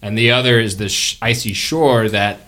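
A man's voice: on the low side, normal speed. Male game master, casual tabletop narration, loose and chatty. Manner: relaxed, chatty, with fillers.

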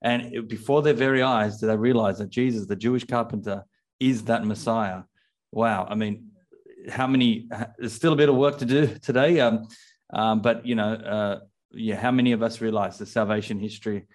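A man's voice: lowish voice, fairly even intonation, normal speed. Eager, hesitant man hosting a faith chat. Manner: hesitant, many fillers and restarts, enthusiastic. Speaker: host. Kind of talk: casual faith podcast chat.

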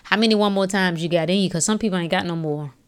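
A woman's voice: on the low side, fast, clear, resonant tone. A woman hosting a health and wellness podcast, talking casually in a preachy style, firing off rhetorical questions and slang. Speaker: podcast host. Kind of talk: casual motivational podcast talk.

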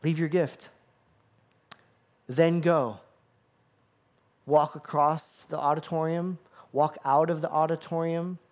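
A man's voice: a little high, steady tone, slow pace, pauses often. A man preaching a sermon with an emphatic, repetitive cadence. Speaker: pastor.

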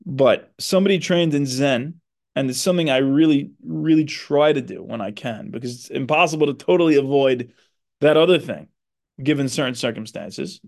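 A psychotherapist and podcast host speaks in an expressive, gravelly, slightly mellow mid-range voice at a moderate pace. His reflective monologue is earnest and explanatory, with emphatic stresses on his points.

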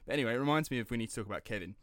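A man's voice: mid-range voice, expressive, very fast, no echo, studio quality. A man hosting a casual true-crime podcast, rambling and laughing as he drifts off script. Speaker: podcast host.

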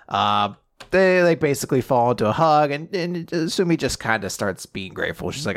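A man's voice: mid-range voice, moderate pace, no room sound, studio quality. A man co-hosting a casual chat, recapping a story with acted-out quotes and lots of fillers. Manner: rambling, acts out quotes, frequent fillers and swearing. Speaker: podcast co-host.

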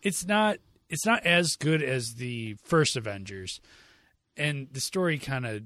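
A man hosting a casual movie review talk with friends, speaking in an opinionated, animated way and often repeating himself. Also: medium pitch, unhurried, no room sound, clean studio sound. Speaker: podcast host.

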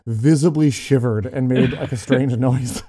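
Middle-aged male podcast host; warm, mellow voice; casual storyteller who restarts lines. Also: medium pitch, measured pace, slightly rough. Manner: chatty, storytelling with frequent restarts and laughs. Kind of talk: casual chat.

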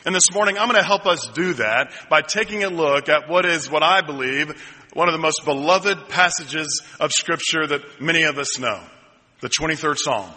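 A man preaching a sermon as pastor, telling a story slowly and building to ringing, repeated lines. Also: on the high side, pushed and bright, slightly rough. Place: church sanctuary. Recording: long hall reverb.

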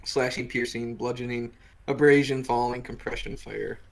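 A man co-hosting a podcast, explaining game rules in a relaxed way with the odd dry joke. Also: medium pitch, moderate pace. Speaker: podcast co-host. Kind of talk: casual chat reviewing a game book.

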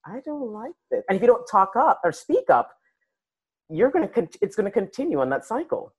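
A woman's voice: mid-range voice, sing-song, fairly quick, husky. A woman hosting a casual conversation, speaking in an emphatic, encouraging way.

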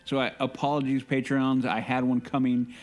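A man's voice: mid-range voice, level tone, moderate pace, a little mellow, faint music behind. A man co-hosting a podcast, chatting casually and rambling with restarts and self-mocking asides. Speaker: podcast co-host. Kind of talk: casual chat.

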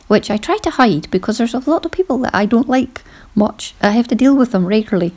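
A woman's voice: fairly high pitch, animated, normal speed, hardly any pauses, mellow. A middle-aged woman hosting a podcast, talking casually and poking fun at herself, with frequent laughs. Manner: chatty, self-deprecating, laughs often. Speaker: podcast host. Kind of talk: casual monologue.

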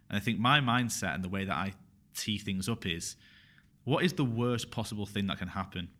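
A man's voice: lowish voice, fairly quick, fairly bright tone. A man talking frankly and openly in a casual podcast conversation, often repeating himself as he works through his thoughts.

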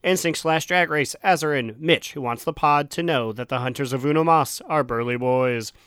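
A man co-hosts a casual podcast while sick with a cough. His voice is bright and forceful, and it sounds dry and close to the mic. He reads the supporter list in a joking tone. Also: on the high side, clear, resonant tone, no echo. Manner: jokey, reads supporter names quickly. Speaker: podcast co-host.

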